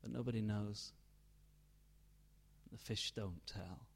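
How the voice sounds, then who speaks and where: A man narrating a dark tale in a slow, deliberate, hushed storytelling manner. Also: fairly low pitch, steady tone, vocal fry.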